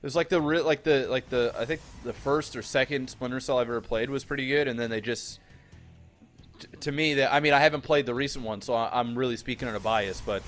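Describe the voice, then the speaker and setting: A man's voice: medium pitch, a little fast, fairly bright tone, faint music behind. A man co-commentating a video game in a laid-back, rambling way, with some swearing. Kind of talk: casual gaming commentary.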